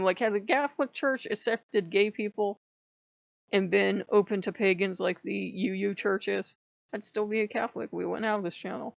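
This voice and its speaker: A woman's voice: mid-range voice, steady tone, moderate pace, vocal fry, no echo, muffled recording. A tired woman talking late at night in a rambling, candid vlog monologue, self-mocking and swearing now and then. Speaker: pagan spiritual vlogger. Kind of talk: casual spiritual vlog monologue.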